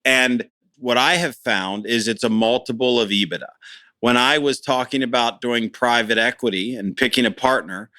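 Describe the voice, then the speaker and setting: A man's voice: medium pitch, moderate pace, bright, forceful tone, dry recording. Middle-aged guy chatting about his business, dry close mic, pumped up, stumbles over first words a lot. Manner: enthusiastic, plain-spoken, repeats words when starting phrases. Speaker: business owner guest. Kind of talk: conversational interview.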